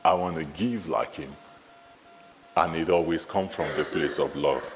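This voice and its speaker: A man with a Nigerian accent preaching a sermon in a church, lively and animated, often repeating his phrases. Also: unhurried, big-room sound. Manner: lively, animated, repeats phrases, rises high when excited.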